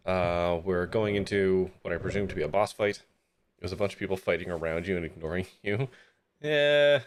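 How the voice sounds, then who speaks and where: A man's voice: low voice, a little hiss or hum. A man streaming a video game live, chatting with his viewers and reading the game's story text aloud into a desk microphone. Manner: chatty, laughs easily, talks to chat and party. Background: game music.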